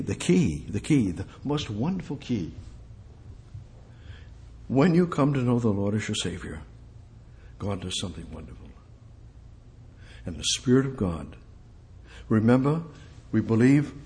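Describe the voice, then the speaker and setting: A man preaching a sermon and reading scripture aloud, who repeats his phrases, questions his listeners, and swings between loud exclamations and quiet asides. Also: medium pitch.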